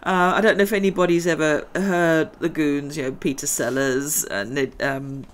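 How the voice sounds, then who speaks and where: A woman's voice: low-pitched, fairly even intonation, normal speed, slight background noise. A middle-aged woman, chatting and giggling her way through a let's-play game session. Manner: chatty, rambling, giggly asides. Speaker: gaming video host. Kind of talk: casual let's-play commentary.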